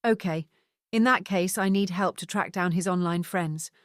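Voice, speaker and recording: A woman's voice: on the low side, normal speed, no room sound, studio quality, lightly acted. A woman voicing a wary middle-aged male ex-detective who speaks tersely in an audiobook. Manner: terse, plain questions.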